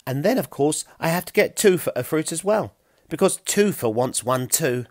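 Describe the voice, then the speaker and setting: A man's voice: a little high, expressive, normal speed, no echo, studio quality, pitched above the performer's own voice. A man voicing a clever, cheeky Stone Age boy who chatters in a self-satisfied way. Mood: chatty.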